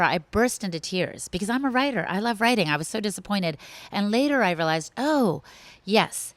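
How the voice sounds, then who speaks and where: Low-voiced woman telling stories, dry sound. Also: dry recording. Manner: animated, rambling anecdotes with frequent restarts. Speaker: podcast guest. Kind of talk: casual conversational storytelling.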